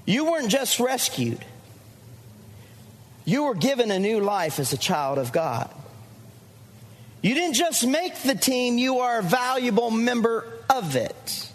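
A man's voice: extremely high pitch, big pitch swings, a little slow, long pauses. A male pastor preaching a fervent sermon to his church, repeating lines and calling out to the congregation. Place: church sanctuary. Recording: long church reverb.

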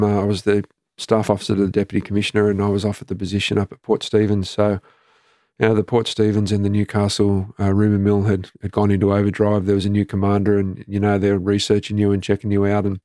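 A middle-aged Australian man, a former police commander, telling his story in an interview in a plain, matter-of-fact way with halting restarts. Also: fairly low pitch, mellow, no echo, clean studio sound.

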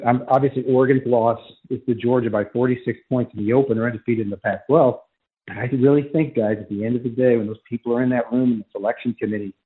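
A man's voice: mid-range voice, husky. A man calling in as a college football writer, giving emphatic, argumentative analysis on sports radio over a phone line.

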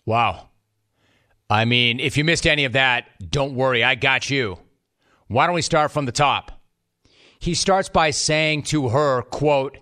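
A man's voice: mid-range voice, measured pace, pushed and bright. A man delivering scripted sports commentary in a wry, mocking way.

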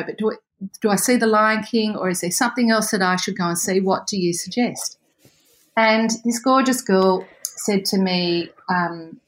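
A woman telling a story in a casual chat, animated, laughing often and acting out the voices of the people in it. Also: mid-range voice.

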